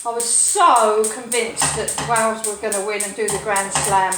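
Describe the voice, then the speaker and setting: A woman's voice: mid-range voice, fairly even intonation, moderate pace, distant mic, music in the background. Chatty woman cooking in an echoey kitchen. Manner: chatty, playful, sing-song asides. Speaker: cooking show host. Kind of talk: casual live cooking stream chat. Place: home kitchen.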